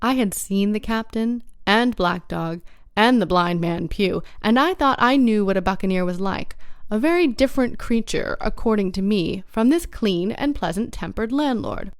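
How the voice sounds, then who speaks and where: A woman narrating an audiobook in a measured, even storytelling manner. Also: mid-range voice, clear, resonant tone, dry recording, studio quality. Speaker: audiobook reader.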